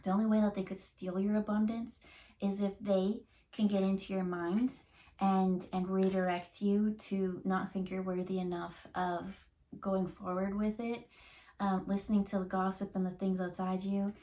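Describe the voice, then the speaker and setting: A woman reads tarot cards in a loose, chatty way, wandering through her thoughts with fillers and restarts. Her voice sits at an ordinary middle pitch. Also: level tone, moderate pace, warm tone. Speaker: tarot reader. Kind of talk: casual channeled tarot reading.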